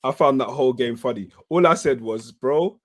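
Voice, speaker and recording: A man's voice: medium pitch, a little fast. A man joining a football chat, amused and laughing through his points. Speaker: guest fan.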